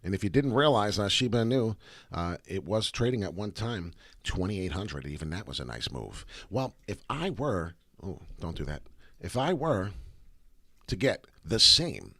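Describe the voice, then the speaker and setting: A man hosting a casual livestream of crypto chart commentary, rambling and swearing freely, with a slightly raspy voice this morning. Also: lowish voice, big pitch swings, normal speed, sharp tone, no room sound, studio quality. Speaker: crypto chart analyst host.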